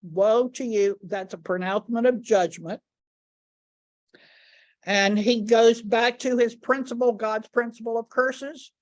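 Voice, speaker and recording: Slow, deliberate woman teaching Bible study. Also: fairly high pitch, steady tone, highs cut off. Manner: slow, deliberate, repeats key words for emphasis.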